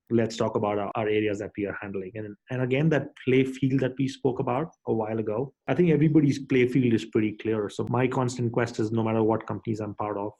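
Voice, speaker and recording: A man who co-founded a company, answering as a guest in a business interview, explaining quickly and often repeating words as he restarts. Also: on the low side, dark tone, husky, rough recording. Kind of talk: interview conversation.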